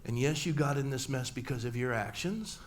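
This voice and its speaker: A man's voice: medium pitch, a little fast, slight background noise. Man preaching a personal story. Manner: storytelling, acting out family dialogue with humor. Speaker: pastor. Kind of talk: sermon. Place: church sanctuary.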